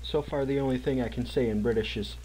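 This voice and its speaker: A man's voice: mid-range voice, quick pace, dark tone, a little hiss or hum, poor audio. A man casually chatting and joking while streaming a video game with a friend. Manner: laid-back, chatty, jokey. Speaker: gaming streamer. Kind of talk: casual gameplay chat.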